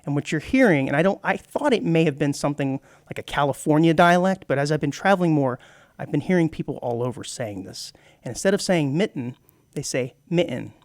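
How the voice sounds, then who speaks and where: A man's voice: a little high, lively intonation, a little fast, no room sound, clean studio sound. A man co-hosting a radio show, explaining at length in casual chat with many restarts. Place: radio studio.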